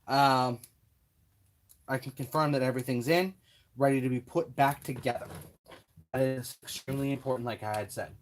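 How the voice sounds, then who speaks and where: A man of middle pitch walks viewers through a build at his workbench, loose and chatty, muttering as he hunts for parts and joking about his own mistakes. A faint hiss of background noise and small clicks of tools sit behind his voice. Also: fairly even intonation, normal speed, pauses often. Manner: chatty, talks himself through tasks, self-deprecating asides. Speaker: RC hobby tutorial host. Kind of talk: casual hands-on build tutorial.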